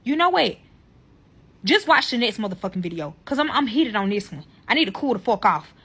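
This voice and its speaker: A woman telling a personal story to camera in a heated, profane and animated way, often turning to her listeners as y'all. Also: mid-range voice, fast talker, slightly rough.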